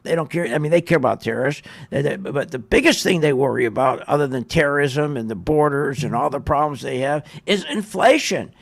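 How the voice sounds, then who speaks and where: A man's voice: on the high side, brisk, creaky, few pauses. A man hosting a radio show, delivering sarcastic, ranting market commentary. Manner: ranting, sarcastic, mocks others in put-on voices.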